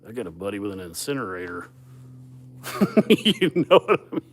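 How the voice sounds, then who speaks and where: Man, very low voice, cussing, easygoing rambling host. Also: sing-song, normal speed. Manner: profane, laid-back, laughs often. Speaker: livestream host. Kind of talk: casual chat, rambling storytelling.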